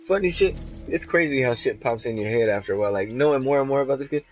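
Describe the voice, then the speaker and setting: A man's voice: medium pitch, fast talker, soft background music, rough recording. Profane young man telling a street story. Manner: animated, profane, lots of "like" fillers. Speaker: streamer. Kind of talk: casual storytelling while gaming.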